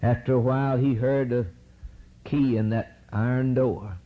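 A man preaching a sermon in a rhythmic, dramatic style, rising to high cries and dropping low again. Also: steady tone, measured pace. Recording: dull lo-fi recording with faint hiss.

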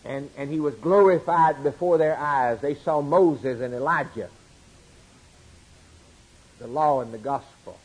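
Preacher guy giving a sermon, kinda husky voice, goes loud then drops real quiet. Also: a little high, a little slow, long pauses, poor audio. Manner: emphatic preaching, swinging from loud declarations to quiet asides.

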